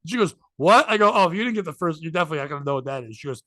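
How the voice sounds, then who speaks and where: A man with a high, bright voice tells a self-mocking story to his co-host, playing out both sides of the dialogue. The sound is dry and close, with no room in it. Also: animated, very fast, no echo. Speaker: podcast co-host. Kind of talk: casual storytelling chat.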